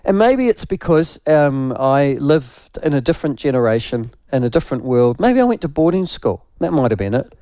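A man's voice: medium pitch, big pitch swings, moderate pace, few pauses, dark tone, dry recording, clean studio sound. An older man from New Zealand with a New Zealand accent, a radio host telling a rambling, self-mocking story in casual morning chat while unwell with flu.

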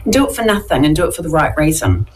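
A woman's voice: low-pitched, very animated, very fast, rough recording. Earnest New Zealand woman guest. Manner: earnest, emphatic. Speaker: regional councillor and advocate. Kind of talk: radio phone-in interview.

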